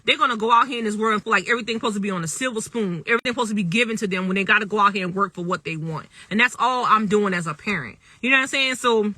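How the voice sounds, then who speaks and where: A woman's voice: medium pitch, pushed and bright, no echo. A woman in her thirties talking casually to viewers on a phone livestream, emphatic and repetitive, often checking in with her listeners. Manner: emphatic and repetitive, often asks "you know what I'm saying".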